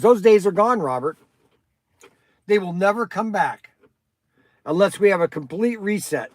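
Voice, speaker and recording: An older man hosts a toy shop livestream, rambling and chatty as he answers viewers by name. His voice sits high with a fairly bright tone, and there's no room sound.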